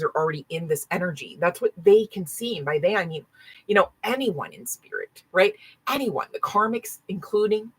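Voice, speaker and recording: A woman's voice: on the low side, fairly bright tone, slightly rough, poor audio. A woman doing a casual live-stream tarot reading, chatty and full of "right?" and "okay?" asides, with dogs barking now and then. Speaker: tarot reader.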